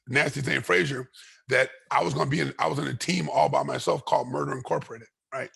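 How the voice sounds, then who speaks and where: A man guest in an interview, telling a long story with animated energy, voicing other people in it, often repeating and restarting his words. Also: mid-range voice, fast. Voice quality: gravelly, raspy. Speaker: guest, retired fighter.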